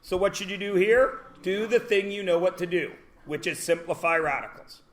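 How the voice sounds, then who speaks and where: A man's voice: sits high, moderate pace. A Canadian man teaching a math class in a classroom, chatty, asking the class questions and answering them himself.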